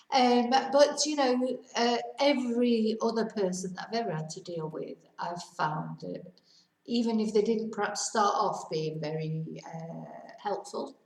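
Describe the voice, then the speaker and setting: A middle-aged woman giving a casual, rambling lesson, slowing down to model Spanish phrases for learners. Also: mid-range voice, gravelly, a little mellow, reverberant, recorded from a distance, rough recording. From United Kingdom. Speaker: Spanish teacher.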